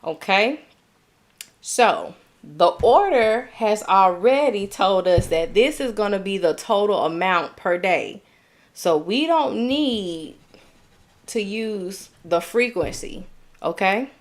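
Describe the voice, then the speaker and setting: A woman's voice: medium pitch, expressive. A young woman with a Southern US accent, tutoring nursing students on a live stream, chatty and upbeat, reading chat comments and checking in with "okay?". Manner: upbeat, chatty, drawn-out explaining with frequent "okay?".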